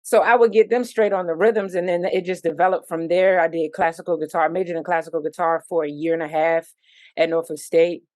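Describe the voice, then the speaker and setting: A woman from Virginia, a musician guest on an interview, telling stories with lively sung-out rhythms and sound effects. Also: lowish voice, a little fast, no room sound. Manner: animated storytelling, sings out rhythms and sound effects. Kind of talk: casual interview.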